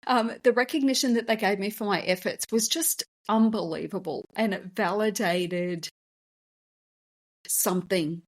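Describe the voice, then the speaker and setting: A woman who hosts a podcast and founded a business recounts a personal story in a candid, emotional, conversational way. Her voice is medium in pitch and her pace is measured.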